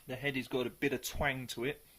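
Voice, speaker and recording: A man reviewing a beer in a casual, chatty way, sometimes pausing to search for the right words. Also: medium pitch, flat delivery, a bit bright.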